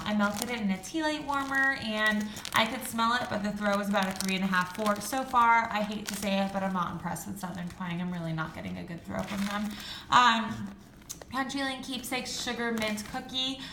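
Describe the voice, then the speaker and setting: A woman's voice: mid-range voice, brisk, bright, forceful tone, echoey room, slight background noise. A young woman chatting casually through a product review, gushing and full of fillers. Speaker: beauty and home vlogger.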